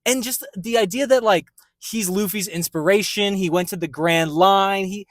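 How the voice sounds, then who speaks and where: A man co-hosting a movie podcast in casual chat, animated and quick to laugh. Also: high voice, no echo. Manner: animated, excitable, laughs easily. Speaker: podcast co-host. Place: in a parked car.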